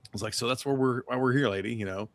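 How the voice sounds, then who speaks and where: A man's voice: mid-range voice, rapid-fire, dry recording. Cursing man telling a rambling story. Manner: profane, rambling anecdote with quoted dialogue. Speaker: podcast guest or co-host. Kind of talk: casual podcast storytelling.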